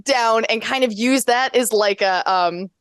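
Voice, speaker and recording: A woman playing a tabletop game, animated and laughing as she searches for words. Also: a little high, measured pace, clean tone, no echo, studio quality. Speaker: player. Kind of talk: tabletop role-play.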